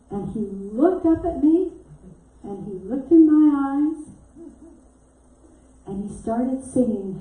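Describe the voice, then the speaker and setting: A middle-aged woman minister telling a story in a sermon, acting out what people said and often laughing. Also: fairly high pitch. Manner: animated storyteller who acts out quotes and laughs often. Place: church sanctuary. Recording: echoey hall mic from a distance.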